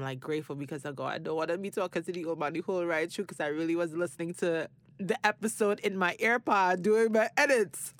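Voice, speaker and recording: A woman hosting a podcast, telling a story in a casual, slangy way and laughing often. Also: fairly low pitch. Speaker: podcast host.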